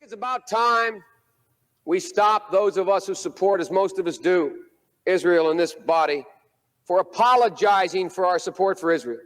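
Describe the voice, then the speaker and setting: A man's voice: sits high, normal speed, fairly bright tone, big-room sound. A man giving a formal, emphatic speech as a legislator on the floor. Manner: emphatic, declaratory.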